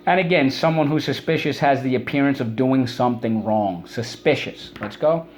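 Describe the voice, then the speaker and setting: Man teaching spelling, slow drilling. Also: medium pitch. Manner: drills words slowly, syllable by syllable, and prompts listeners to repeat. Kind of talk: spelling and vocabulary lesson for children.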